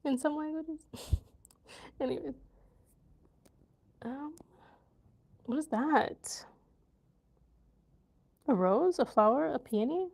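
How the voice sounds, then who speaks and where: A woman with a high voice talks slowly and casually on her vlog. She giggles a lot, tries new words aloud and mutters half to herself as she works them out. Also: gravelly, a little mellow. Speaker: vlogger learning a language.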